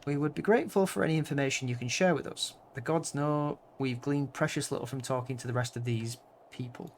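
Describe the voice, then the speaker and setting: A man's voice: medium pitch, slight background noise, close to an everyday voice. A man reading an earnest, formal young scholar. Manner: formal, measured diction.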